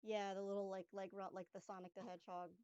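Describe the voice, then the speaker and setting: A woman's voice: medium pitch, level tone, quick pace, a little mellow, smooth, no room sound. A woman playing in a tabletop role-play game, chatting casually and laughing easily. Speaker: player. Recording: dry, dull lo-fi audio.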